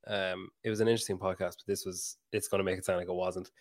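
Guy in his 30s, kinda low voice, rambly and self-deprecating, swears a lot, just chatting. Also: flat delivery, fast talker. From Ireland. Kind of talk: casual chat.

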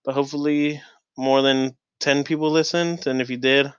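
Young man, podcast host, rambling, filler-heavy, swears a lot, smooth voice, dull lo-fi recording. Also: medium pitch, little pitch movement, normal speed, no room sound. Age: young adult. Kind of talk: casual storytelling monologue.

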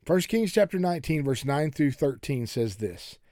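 A man's voice: a little high, lively intonation, normal speed, warm tone, no echo, clean studio sound. A male pastor giving an earnest sermon, repeating words and often dropping to a near whisper.

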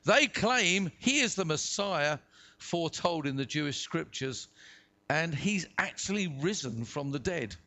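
Uk guy preaching, high pitch, swoops around a lot, acts out the bible bits. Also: expressive, unhurried, bright, forceful tone. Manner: dramatic, acts out voices in the reading. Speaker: pastor. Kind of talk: sermon with scripture reading. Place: church hall.

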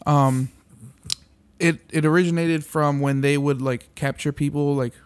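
A man's voice: fairly high pitch, steady tone, unhurried, clean tone, dry recording. A man co-hosting a podcast, trading crude jokes and arguing in casual banter. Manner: crude, argumentative. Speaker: podcast co-host.

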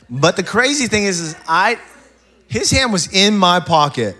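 A man preaching a sermon to a congregation, swinging from quiet asides to loud, animated bursts, with loose storytelling full of restarts. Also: high voice, a little slow. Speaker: pastor.

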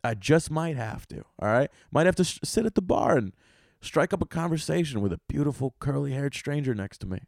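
A young man hosting a solo podcast, telling rambling, profane comic stories with bursts of loud excitement. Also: on the high side, a little fast, gravelly, no echo, clean studio sound. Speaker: podcast host and stand-up comedian.

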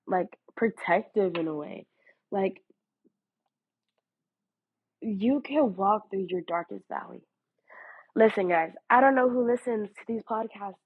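Husky-voiced woman preaching on a lo-fi line. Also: medium pitch. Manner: earnest, preachy, many fillers like "y'all" and "like". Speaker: podcast host. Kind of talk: casual devotional podcast talk. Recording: phone-like, lo-fi audio.

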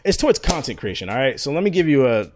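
A man's voice: medium pitch, very animated, quick pace, darkish tone. A young man hosting a podcast, telling stories in a loose, profane, slangy chat full of fillers, on a close mic. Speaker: podcast host. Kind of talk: casual storytelling chat.

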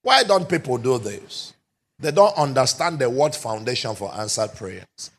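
A man preaching a sermon as pastor, emphatic and often shouting, with rhetorical questions to the congregation. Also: mid-range voice, very animated, unhurried.

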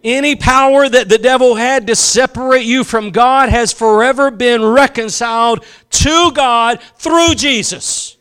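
A man preaching a sermon with passion, building slowly with emphasis and dropping into soft asides. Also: extremely high pitch, clean tone. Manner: impassioned, swings between slow emphatic build-ups and soft asides.

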